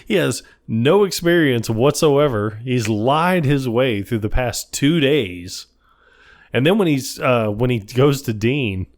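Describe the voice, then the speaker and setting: A man co-hosting a podcast, recapping a film in casual chat, quoting scenes in funny voices and laughing often. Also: mid-range voice. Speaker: podcast co-host.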